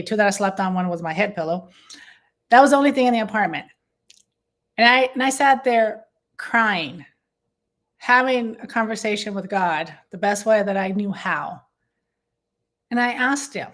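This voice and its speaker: Woman guest, raised pitch, earnest testimonial delivery, halting restarts. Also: fairly bright tone. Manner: earnest and heartfelt, with frequent restarts. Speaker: guest, business consultant and co-host. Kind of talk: faith-based conversation, personal testimony.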